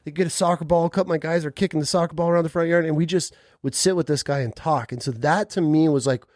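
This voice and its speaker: A man hosting a podcast, telling stories in a relaxed, casual way with some swearing. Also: a little high, fast talker, no room sound, studio quality. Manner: relaxed storytelling, swearing, acts out quoted voices. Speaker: podcast host. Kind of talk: casual interview chat.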